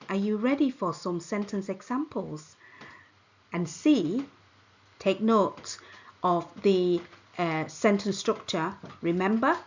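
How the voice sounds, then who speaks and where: A woman's voice: fairly low pitch, slightly rough, muffled recording. A woman teaching a language lesson, carefully repeating words for the listener to copy. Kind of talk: slow spoken language lesson.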